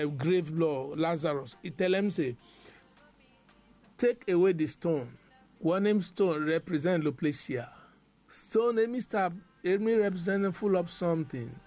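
A man's voice: sits high, a little slow, a little mellow, faint music behind. A man preaching a devotional sermon in a repetitive, emphatic cadence.

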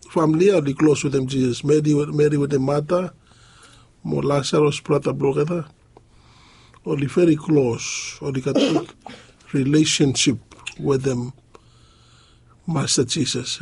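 Slow husky male preacher. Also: a little high, darkish tone. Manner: halting, with frequent pauses and fillers. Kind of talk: sermon.

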